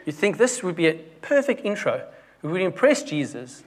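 With a slightly high voice and lively intonation, a young man talks fast through a conversational sermon. He restarts lines and often lowers his voice dramatically to underline a point.

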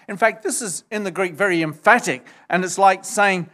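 A man preaching a sermon, emphatic, jumping up high to stress points and acting out quoted dialogue. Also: normal speed, fairly bright tone. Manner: acts out quoted dialogue in a raised voice. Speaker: pastor.

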